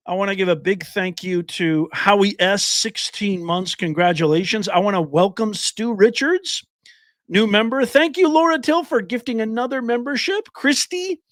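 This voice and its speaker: A man's voice: high-pitched, fairly bright tone, no room sound. An older man hosting a livestream, thanking viewers by name in an earnest, emotional way and getting choked up. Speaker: livestream host. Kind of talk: casual livestream sign-off.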